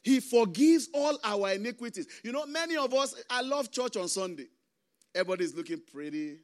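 A man, a pastor preaching a sermon with impassioned swings between loud emphasis and hushed asides. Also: very high voice, lively intonation, fairly quick. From Nigeria.

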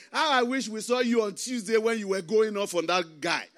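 A man, a pastor preaching a sermon with impassioned swings between loud emphasis and hushed asides. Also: high-pitched, normal speed. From Nigeria.

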